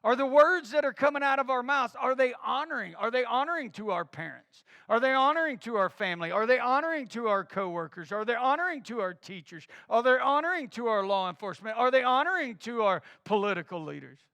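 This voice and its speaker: A middle-aged male pastor preaches with a strikingly high, bright voice that carries a gravelly rasp. He builds his sermon on repeated rhetorical questions. The sound is dry and close, with no room around it. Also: expressive, fairly quick, hardly any pauses, no room sound.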